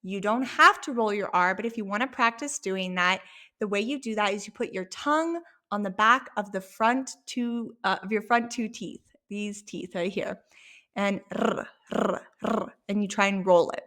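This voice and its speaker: Bright, animated woman teaching a lesson. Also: mid-range voice. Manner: slow, drawn-out demonstration of words with frequent "okay?" checks. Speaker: Spanish teacher. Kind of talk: online language lesson. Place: at home.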